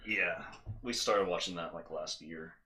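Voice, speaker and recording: A man who is a guest on a podcast, chatting casually with short, low-key replies and asides. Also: a little slow, bright, forceful tone, a little hiss or hum. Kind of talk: casual chat.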